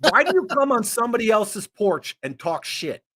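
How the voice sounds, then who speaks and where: A man's voice: high voice, moderate pace. A man hosting a casual chat, reading viewer comments and ranting with lots of swearing. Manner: profane, animated ranting. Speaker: host.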